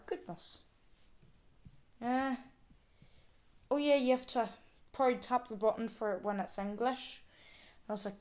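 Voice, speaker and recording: A woman with a slightly high voice talks straight to her viewers in a casual vlog. She is chatty and exclaims often, thinking out loud in a relaxed, homely way. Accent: non-American, with regional word "wee". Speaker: vlogger. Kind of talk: casual unboxing chat to viewers.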